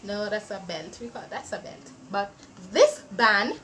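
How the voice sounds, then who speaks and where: A woman teaching young children to read, slowly sounding out letters and cheering them on. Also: mid-range voice, animated, a bit bright, slight background noise. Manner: slow, drawn-out sounding out of letters. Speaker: early-reading teacher. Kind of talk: children's phonics lesson.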